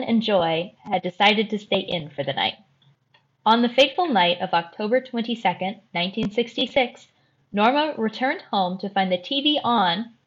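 A woman hosting a podcast and telling a true crime story in a careful, measured way. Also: on the high side, highs cut off. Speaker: host.

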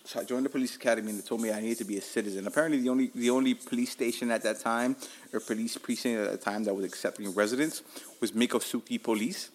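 A man in his forties talks with a Miami accent, rambling through a story as a podcast host. He is frank and profane, and his voice sits in an ordinary middle pitch. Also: steady tone, very fast. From Miami, Florida. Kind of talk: casual storytelling monologue.

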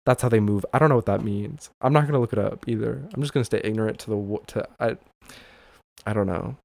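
Rambling, low-voiced male podcaster. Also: quick pace, creaky, dry recording. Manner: rambling, profane, laughs often, many fillers. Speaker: podcast host. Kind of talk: casual solo podcast chat.

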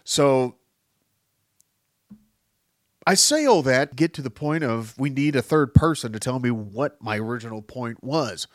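This podcast host, a man, talks in a loose, profane monologue that jumps from topic to topic, with his voice spiking up when he wants emphasis. He has a mid-range voice at a normal speed, captured in a dry, clean studio recording.

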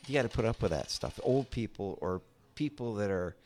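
A man's voice: on the low side, lively intonation, a little fast, a little mellow, soft background music. A middle-aged man chatting casually as a podcast guest, rambling with many restarts and salty language. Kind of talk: casual chat.

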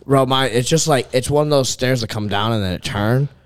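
A man's voice: mid-range voice, brisk, clean tone, no echo. A young man in casual chat, telling profane, rambling stories as a podcast co-host.

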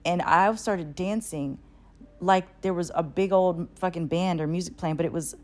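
A woman with a somewhat low voice tells a rambling personal story in a relaxed, chatty way. She keeps it loose and animated, leaning on fillers and casual swearing. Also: normal speed. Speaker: channel host.

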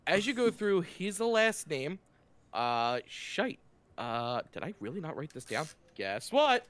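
A man's voice: fairly high pitch, big pitch swings, takes it slowly, a bit bright, no echo. A man narrating a tabletop game as game master, chatty and self-mocking.

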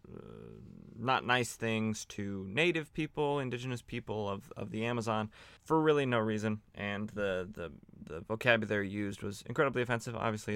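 A man's voice: on the low side, a bit bright, clear, resonant tone, dry recording. A man hosting a podcast, chatting casually and sardonically as he recaps old comic books, with lots of fillers and restarts. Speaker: podcast host.

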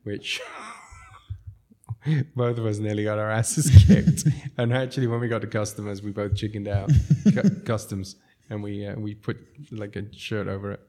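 A South African restaurateur guest tells long, rambling stories in a lowish, mellow voice with flat delivery and moderate pace. He chuckles often and keeps interrupting himself in this casual storytelling.

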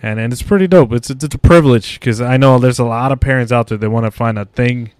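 A man's voice: mid-range voice, quick pace, darkish tone, smooth, no room sound. A young man from Mexico hosting a podcast, chatting casually, swearing a lot and laughing often. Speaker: podcast host. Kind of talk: casual chat.

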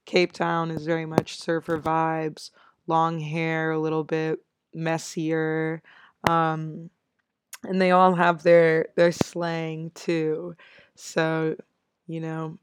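A young American woman hosts her own podcast, chatting casually and upbeat on her own with frequent laughs. Her voice is low-pitched and monotone, her pace slow, and the background noisy.

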